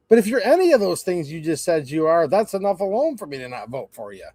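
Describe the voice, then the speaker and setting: A man's voice: fairly high pitch, very animated, fast, mellow, dry recording. A man hosting a casual livestream, talking in a sarcastic, rambling, mocking way. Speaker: channel host.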